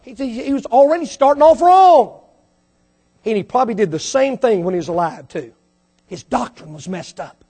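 A man with a very high voice preaches a sermon. He fires off rhetorical questions and climbs to fervent peaks, often repeating words and starting phrases over. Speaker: pastor.

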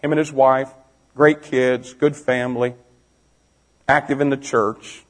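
The youth pastor here is unhurried, his medium-pitched voice flat in delivery, as he preaches a storytelling sermon to a young audience. Moments of shouting give way to hushed near-whispers, and he directly questions his listeners.

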